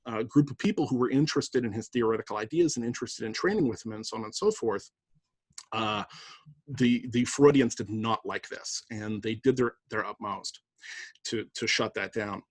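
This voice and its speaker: Husky-voiced male lecturer, chatty. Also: lowish voice, moderate pace, dry recording. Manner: conversational, many fillers and "right?" asides. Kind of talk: university lecture.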